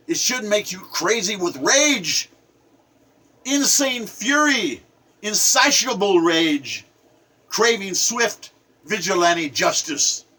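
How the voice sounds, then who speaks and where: A man speaking as a poet in an impassioned, angry rant to camera, swinging between loud outbursts and low murmurs.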